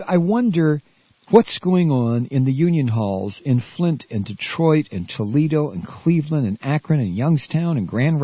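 A man's voice: fairly high pitch, husky, no room sound, highs cut off. Stammering man in an angry radio rant. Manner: angry, stammering, shouting outbursts. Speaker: radio talk host. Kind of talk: political rant.

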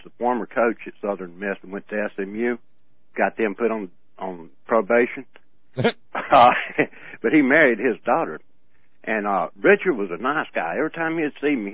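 A man's voice: mid-range voice, animated, no room sound. Rambling man on tinny radio audio. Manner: rambling storyteller, halting restarts, laughs often. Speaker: radio co-host. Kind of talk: casual radio chat.

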